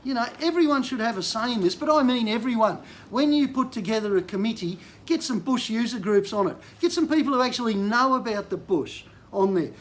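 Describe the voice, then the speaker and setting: A man's voice: very high voice, lively intonation, fairly quick, few pauses. An older man from Queensland with an Australian accent, a bush mechanic venting frustration in a blunt political rant to camera. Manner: frustrated, blunt, rising to angry outbursts.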